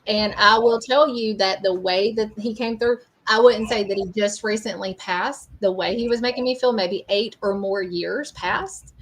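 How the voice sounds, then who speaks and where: A woman's voice: medium pitch, normal speed, hardly any pauses, low-quality recording. A woman hosting a live-streamed psychic reading, rambling and hesitant with many fillers. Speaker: psychic medium host. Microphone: streaming mic.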